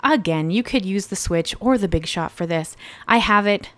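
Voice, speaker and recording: A woman's voice: mid-range voice, expressive, normal speed, no echo. A woman narrating a card-making tutorial in a casual, rambling voice-over, correcting herself often. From Canada. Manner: chatty, rambling, with fillers and self-corrections.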